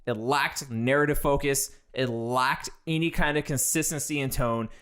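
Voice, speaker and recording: A man's voice: fairly high pitch, fairly bright tone. A man co-hosting a casual movie review, blunt and exasperated, swearing freely as he rants.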